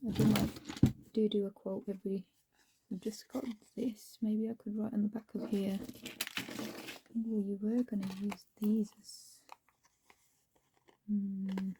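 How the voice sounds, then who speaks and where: A woman's voice: medium pitch, little pitch movement, unhurried, long pauses, background noise. A woman chatting to herself as she crafts, often dropping into a whisper. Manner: chatty, talks to herself while working, drops into whispers. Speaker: crafting vlogger. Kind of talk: casual crafting commentary.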